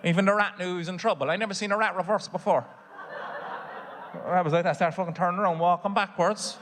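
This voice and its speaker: A Cork-accented Irishman does stand-up on a theatre stage to a laughing crowd, his high voice steady in tone and quick in pace. He swears freely and acts out his family with exaggerated voices, and the recording has a big-room sound over a noisy background.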